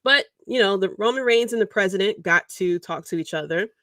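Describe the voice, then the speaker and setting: A woman's voice: medium pitch, a little fast, no echo, studio quality. Rambling, chuckling woman host. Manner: rambling, animated, chuckles mid-sentence. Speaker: podcast host. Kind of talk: casual livestream commentary.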